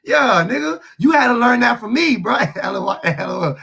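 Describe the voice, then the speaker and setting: A high, gravelly man runs a live call-in show. He talks loud and mocking, laughing through heated slangy trash talk, with a husky edge. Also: sing-song, moderate pace.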